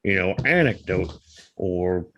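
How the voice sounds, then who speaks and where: A man's voice: deep voice, animated, takes it slowly, fairly bright tone, slight background noise. A man, explaining things with examples in a casual livestream chat.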